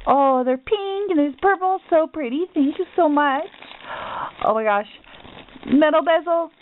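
A young woman opening a craft package on her vlog, gushing with excitement and gasping at each item. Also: sits high, unhurried, a little hiss or hum. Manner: gushing, excitable, gasps often. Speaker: crafting vlogger. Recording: tinny phone-like audio.

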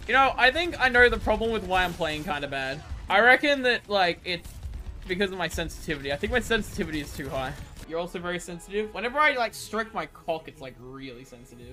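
A young man streaming a game, excitable and laughing often, swearing freely as he plays. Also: high-pitched, fast, faint music behind. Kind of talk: live gameplay commentary.

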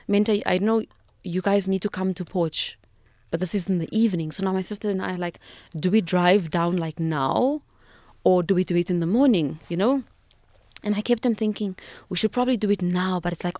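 Low-voiced South African woman telling her story. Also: darkish tone, no room sound. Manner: emotional, reflective, with frequent restarts. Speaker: podcast guest. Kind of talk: personal storytelling in an interview.

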